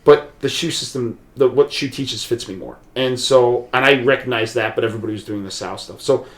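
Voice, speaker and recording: A man's voice: mid-range voice, a little fast. A man telling a long personal story as a podcast guest, loose and rambling, full of restarts and "like". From USA. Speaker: podcast guest, martial arts practitioner. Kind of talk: casual storytelling conversation. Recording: roomy echo.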